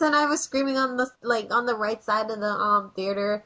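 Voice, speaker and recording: A woman co-hosting a podcast, chatting casually in an excitable, giggly, rambling way. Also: a little high, a little fast. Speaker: podcast co-host. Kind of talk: casual chat.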